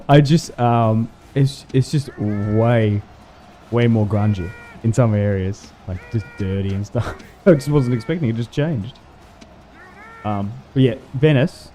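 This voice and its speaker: Casual male game streamer, warm mid-pitched voice, loose rambling delivery. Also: lively intonation, takes it slowly. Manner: rambling, chatty storytelling with fillers and laughs. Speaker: livestream gamer. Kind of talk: casual chat while streaming a strategy game.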